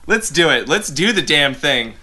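A man's voice: on the high side, big pitch swings, moderate pace, pushed and bright. A man co-hosting a comedy podcast in casual chat, rambling and profane, with lots of fillers. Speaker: podcast co-host.

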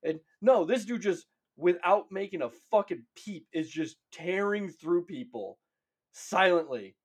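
A man co-hosts a podcast with a husky, fairly high voice that swings widely in pitch. He talks excitably and emphatically, with plenty of swearing. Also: a little slow. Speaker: podcast co-host. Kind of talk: casual chat.

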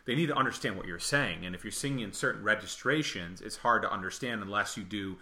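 A man's voice: lowish voice, fast talker, bright, forceful tone. A man from Michigan, an opera singer, chatting casually as a podcast guest and laughing often. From Michigan, US Midwest. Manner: chatty, laughing, slips into playful voice impressions.

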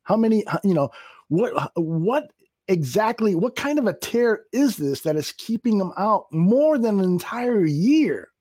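A man's voice: high voice, sing-song, measured pace, dark tone, no room sound, studio quality. A man co-hosting a casual sports podcast, swearing freely, exasperated and often laughing. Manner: profane, exasperated, laughs a lot. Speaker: podcast co-host.

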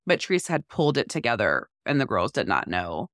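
A woman's voice: very deep voice, very animated, fairly quick, fairly bright tone, no echo, studio quality. A woman in her forties, a podcast co-host, telling a story in casual chat with animation and acting out what people said.

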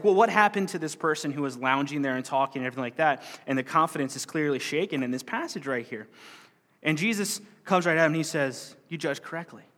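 A man's voice: fairly high pitch, a bit bright, big-room sound. A man teaching a Bible parable in a loose, conversational way, acting out the lines of the people he quotes. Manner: conversational, acts out quoted speech. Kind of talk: sermon-style Bible teaching.

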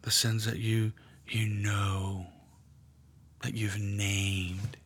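A man leading a guided prayer meditation, speaking slowly and softly and often dropping to a whisper. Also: fairly low pitch, level tone, husky. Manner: slow, hushed, often whispering. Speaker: prayer leader.

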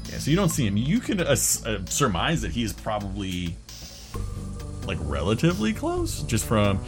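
Deep-voiced young man running a tabletop game. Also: wildly swooping pitch, moderate pace, music in the background. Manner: loose, filler-heavy narration. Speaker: game master.

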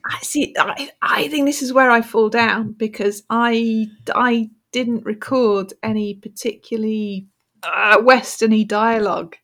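A woman's voice: a little high, steady tone, unhurried, a bit bright. A woman co-hosting a podcast in casual chat, playful and joking. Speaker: podcast co-host.

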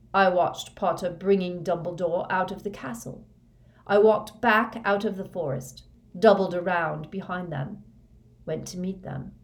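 A woman reading a fanatical young male dark wizard's confession in a flat, hushed monotone. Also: fairly low pitch, close to an everyday voice.

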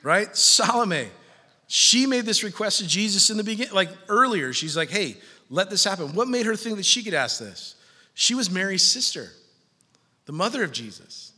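A middle-aged pastor from California preaches a sermon in a high-pitched, slightly breathy voice at normal speed. He's an animated, joking storyteller who acts out the voices of the people he quotes, and a long hall reverb trails his words.

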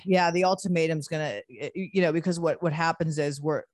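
A man's voice: a little high, brisk, no room sound, clean studio sound. A man hosting a podcast, talking bluntly and candidly about his recovery, with frequent restarts and swearing. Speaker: podcast host.

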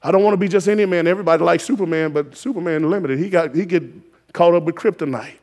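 Male preacher, high voice, fervent exhorting sermon delivery with loud peaks. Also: quick pace. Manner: exhorting, call-and-response rising to shouted emphasis.

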